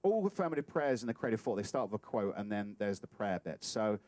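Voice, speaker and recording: A man giving a sermon as a guest speaker, animated and playful, acting out little scenes as he talks. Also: on the low side, fast talker, dry recording. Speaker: guest speaker at a spiritual center. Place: talk hall.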